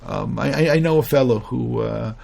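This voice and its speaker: A man's voice: medium pitch, normal speed, gravelly, a little mellow. A man, a rabbi, giving a conversational Torah lecture. He earnestly questions his listeners, restarts phrases, and chants Hebrew verses between his English explanations. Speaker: rabbi teaching a Torah class.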